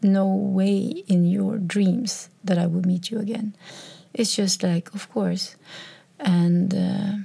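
Woman, podcaster, husky voice, mellow, hesitant storytelling, soft whispered asides. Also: medium pitch, fairly even intonation, slow. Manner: hesitant, with restarts and trailing phrases; drops into soft whispers when quoting texts. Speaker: solo podcaster. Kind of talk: casual personal storytelling. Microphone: recording on a microphone.

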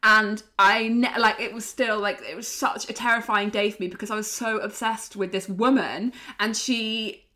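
A young woman co-hosting a podcast in casual chat, animated, laughing often and swearing freely. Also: medium pitch, moderate pace, hardly any pauses. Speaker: podcast co-host.

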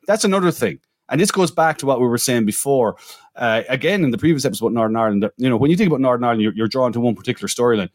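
A man's voice: medium pitch, rapid-fire, no room sound, clean studio sound. A man co-hosting a podcast in casual chat, recounting match events at length. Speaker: podcast co-host.

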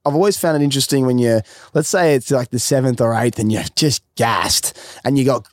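Quick-talking male interviewer. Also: mid-range voice, no echo, clean studio sound. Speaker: interviewer, host. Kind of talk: casual interview chat.

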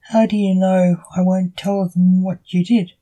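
A woman's voice: on the low side, level tone, measured pace, mellow, rough recording. A woman voicing a scared, confused young man who has lost his memory, in a plain reading voice.

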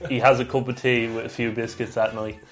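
A man in casual podcast banter, rattling off football results with dry jokes. His voice sits in a middle pitch, and faint music plays under the talk. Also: flat delivery. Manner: banter, quick rundown of results. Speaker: podcast co-host.

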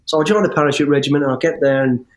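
Fast-talking man. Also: fairly high pitch. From English West Midlands. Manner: animated, rambling with restarts and swearing. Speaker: interview guest, former soldier. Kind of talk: storytelling in conversation.

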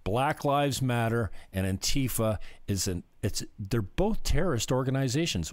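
Male commentary host, sarcastic heated rant, pitch leaping about, dry close sound. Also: expressive, moderate pace, hardly any pauses, dry recording. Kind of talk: ranting commentary over clips.

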